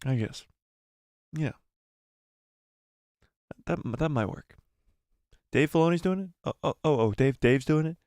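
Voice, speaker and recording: A man's voice: fairly high pitch, measured pace, long pauses, darkish tone, dry recording, studio quality, voice pushed up. A man doing a grudging woman executive.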